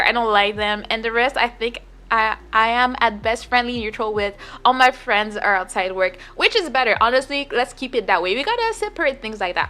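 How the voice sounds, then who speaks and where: High, lively young woman chatting. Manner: rambling, chatty, full of filler "like"s and restarts. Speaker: streamer. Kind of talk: casual chat storytelling.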